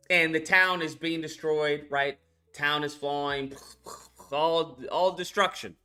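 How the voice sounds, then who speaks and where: Male reviewer, bright higher voice, loose crude recap style. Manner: rambling, crude, lots of fillers. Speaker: movie reviewer. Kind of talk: casual ranting film recap.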